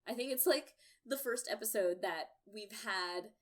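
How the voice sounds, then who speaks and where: A woman's voice: medium pitch, normal speed. Chatty young woman reviewing a show. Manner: chatty, full of "um" and "like", swears when worked up. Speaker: TV episode reviewer. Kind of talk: casual chat.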